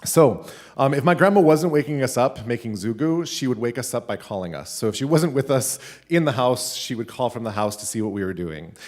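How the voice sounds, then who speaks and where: A man, a teacher, telling a funny personal story live at a school event, animated and laughing between lines. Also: medium pitch, fairly quick. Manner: animated, laughing, with many "like" fillers.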